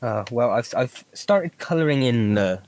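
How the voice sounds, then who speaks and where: A man's voice: medium pitch, lively intonation, unhurried, a little mellow. A man co-hosting a casual podcast, telling dry little jokes and trailing off. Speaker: podcast co-host. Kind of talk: casual chat.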